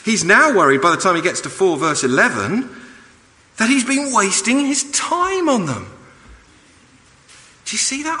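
A man preaching a sermon, animated and rising in pitch when he quotes the apostle. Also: measured pace, pauses often, big-room sound.

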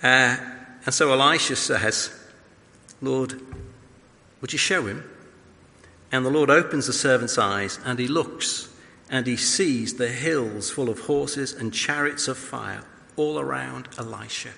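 A man preaching an expository sermon, animated and storytelling as he acts out scripture scenes. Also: medium pitch, unhurried, vocal fry, big-room sound.

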